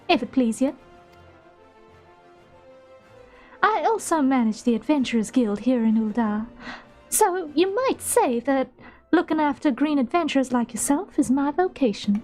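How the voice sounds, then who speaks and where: A woman's voice: high voice, a little mellow, voice pushed up. A woman voicing a shrewd middle-aged female guild innkeeper in a slight put-on southern drawl, reading game dialogue aloud in character.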